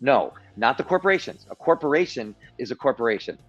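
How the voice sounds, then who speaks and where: A man's voice: medium pitch, big pitch swings, very fast, lo-fi sound, soft background music. A man guesting on a livestream, telling stories animatedly with frequent restarts over a video call. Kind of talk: political commentary on a livestream.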